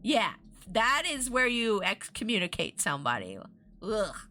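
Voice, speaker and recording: A woman's voice: medium pitch, very animated, measured pace, bright, forceful tone. A woman streamer reading a book aloud, breaking off into chatty, indignant asides. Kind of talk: casual read-aloud with reactions.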